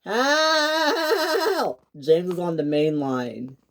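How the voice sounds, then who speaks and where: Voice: mid-range voice, moderate pace, a little mellow, a little hiss or hum. A young storyteller narrating a homemade toy-train story off the cuff, restarting mid-sentence.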